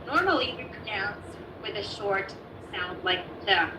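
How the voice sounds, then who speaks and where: A woman learning English who is excitable and amazed, reading practice text aloud haltingly in casual study chat. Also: medium pitch, background noise. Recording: echoey room, distant mic.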